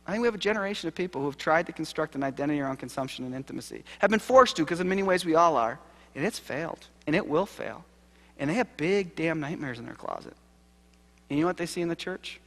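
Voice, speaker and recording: Male keynote speaker, seminary professor, slightly higher voice, wry self-deprecating storyteller, long hall reverb. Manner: animated, self-deprecating humor.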